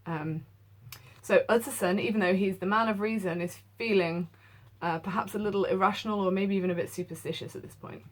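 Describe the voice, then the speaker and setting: A woman's voice: steady tone, fairly quick. Woman, literature teacher, casual explanatory tone, reads aloud and analyzes. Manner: explanatory, casual, asks listeners to highlight passages. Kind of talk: reading a novel aloud with analysis.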